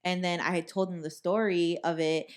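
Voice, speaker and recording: A young woman co-hosting a podcast, telling ghost stories in casual chat, animated and swearing freely as she acts out what people said. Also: on the low side, moderate pace, smooth. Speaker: podcast co-host.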